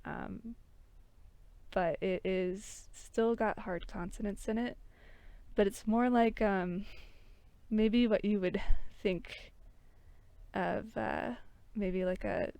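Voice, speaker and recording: Woman, tabletop role-play narration, animated, dry close recording. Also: medium pitch, slow pace, pauses often, no room sound. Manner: animated storyteller, laughs often.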